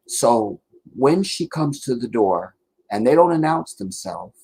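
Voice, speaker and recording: A man's voice: mid-range voice, very animated, a little slow, a little mellow, husky, low-quality recording. A man giving an earnest, emotional commentary monologue, preaching at times. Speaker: online commentator.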